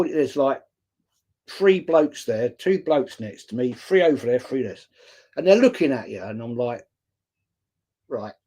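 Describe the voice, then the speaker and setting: A man's voice: medium pitch, a little mellow. An English man in his sixties talks casually on his live stream, greeting viewers by name between stories. His telling is loose and chatty, with the odd swear word. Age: 60s. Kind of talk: casual chat reading viewer comments.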